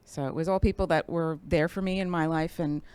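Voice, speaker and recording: Low-voiced, smooth-toned female guest. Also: fairly even intonation, dry recording. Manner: soft-spoken, halting with many fillers. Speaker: talk show guest. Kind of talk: casual interview.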